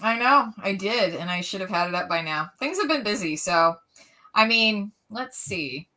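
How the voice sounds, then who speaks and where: A woman's voice: mid-range voice, animated, moderate pace, sharp tone. A woman co-hosting a podcast, chatting casually in a joking, sarcastic way. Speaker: podcast co-host. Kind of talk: casual chat.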